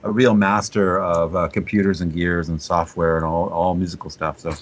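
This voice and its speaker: A man with a low voice chats on an internet radio show. He speaks haltingly and praises warmly, restarting his phrases. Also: level tone. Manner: halting, admiring.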